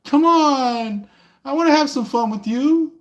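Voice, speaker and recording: Guy doing a whiny flirt voice, way up high, begging pretty please. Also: measured pace. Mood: pleading. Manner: whiny, wheedling. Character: pleading flirty person begging for fun.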